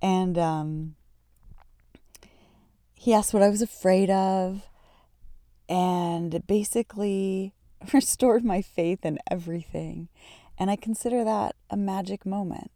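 A woman's voice: mid-range voice, slow pace, pauses often, mellow, no echo, studio quality. A woman, hosting a podcast and telling a personal story in a reflective way, often searching for words. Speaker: podcast host.

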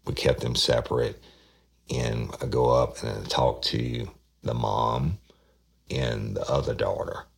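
A man's voice: a bass voice, steady tone, unhurried, gravelly, breathy edge. A man, recounting a police case in casual storytelling, acting out the voices of the people in it. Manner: retells dialogue, acting out quoted voices.

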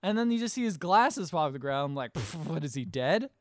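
A man's voice: a little high, sing-song, a little fast, a little hiss or hum. A man casually retelling a film's plot on a podcast, rambling and swearing as he acts out the characters' lines. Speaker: podcast co-host. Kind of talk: casual movie recap chat.

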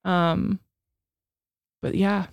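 A woman's voice: lowish voice, little pitch movement, extremely slow, gravelly, smooth, dry recording. A woman in her thirties telling a personal story as a podcast co-host, frank and emotional, swearing casually.

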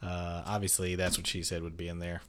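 A man's voice: low-pitched, completely flat delivery, brisk, a bit bright. A man co-hosting a podcast, telling stories in a laid-back way with casual swearing. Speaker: podcast co-host. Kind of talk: casual chat.

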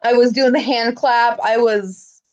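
Woman, high voice, casual podcast chat, blunt and profane, animated storyteller. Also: measured pace, dull audio. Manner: blunt, swears freely, animated retelling.

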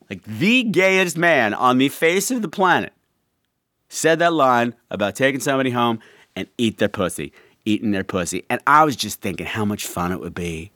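A man hosts a podcast in casual, chatty storytelling with campy asides. His pitch jumps up and down a lot. The recording is dry and close. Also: a bit bright, no echo. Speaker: podcast host. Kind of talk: casual chat.

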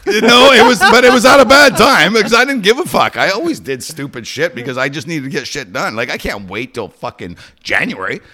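A middle-aged man hosting a podcast, telling stories in a profane, animated way that swings from hushed to shouting. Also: fairly high pitch, a little fast, hardly any pauses. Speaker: podcast host. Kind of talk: casual storytelling.

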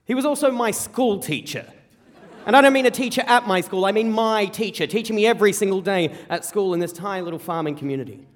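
An Australian man tells a comic story about his own life to a live theater audience. His voice sits high and the words come fast, with playful repetition. A long reverb from the hall trails behind each line. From rural South Australia. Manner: animated, comic, quick with repeated phrases. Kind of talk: live personal storytelling on stage.

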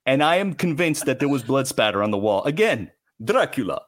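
A man telling self-mocking stories as a podcast guest, animated and quick to restart his phrases. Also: medium pitch. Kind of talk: casual storytelling. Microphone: remote call.

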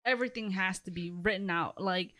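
A woman's voice: mid-range voice, brisk, a bit bright, no room sound, clean studio sound. A woman co-hosting a podcast, bantering casually, laughing a lot and arguing back. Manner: laughs a lot, argues back with repeated no's. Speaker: podcast co-host.

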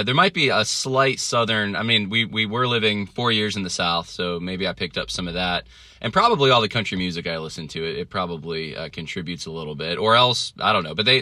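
A man's voice: sits low, bright, forceful tone, dry recording. A man hosting a podcast, talking casually in a rambling way with many fillers and restarts. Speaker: podcast host. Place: traveling, indoors.

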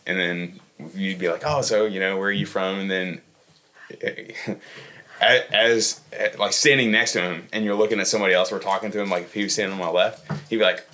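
A man co-hosting a podcast, telling animated stories in casual chat and laughing easily. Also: sits low, slight background noise. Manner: animated storyteller, quick to laugh. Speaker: podcast co-host.

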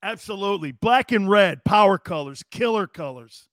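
A man hosting a sports talk show, telling rambling, profane stories in a loud, brash way. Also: high voice, lively intonation, moderate pace, dry recording, studio quality. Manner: loud, brash, profane storytelling with acted-out quotes.

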